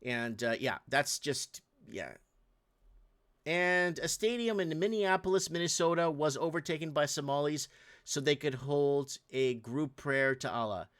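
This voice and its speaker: A man's voice: a little high, a little slow, fairly bright tone. A man hosting a show, giving casual, ranting commentary over video clips and talking straight to viewers. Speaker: host.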